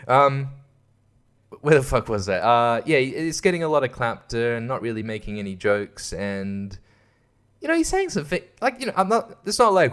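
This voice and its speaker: A man's voice: mid-range voice, big pitch swings, normal speed. Male comedian-host, casual sarcastic rant, profane, mid-range voice. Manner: profane, sarcastic, laughs at his own jokes. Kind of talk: casual ranting podcast review.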